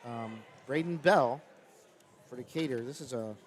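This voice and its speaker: A man giving live color commentary on a high school wrestling match, explaining tactics in a conversational way and getting excited at big moves. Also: a little slow. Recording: loud gym crowd and noise behind. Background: cheering crowd in a gym.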